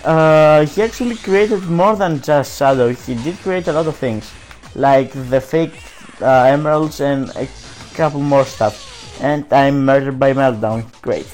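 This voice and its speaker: A man's voice: mid-range voice, unhurried, darkish tone, faint music behind, low-quality recording. A man reading on-screen game text aloud while casually commenting on his play, often hesitating and restarting.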